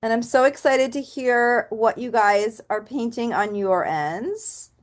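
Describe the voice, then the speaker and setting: Woman running a chill paint class, a bit high, talks through her steps, counts soft while stamping. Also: slow. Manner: chatty, thinks aloud, counts softly while stamping. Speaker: painting instructor. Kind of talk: relaxed step-by-step art tutorial.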